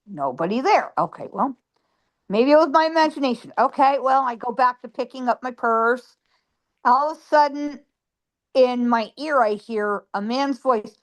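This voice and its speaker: A woman guest on a phone, telling a ghost story in a lively way and acting out her own lines. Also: sits high, normal speed.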